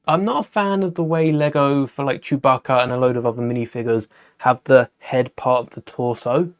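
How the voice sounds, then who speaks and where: A British man with a medium-pitched, steady voice talks fairly quickly while hosting a live Lego building stream. He chats casually, thinks aloud as he builds, and answers viewers' questions.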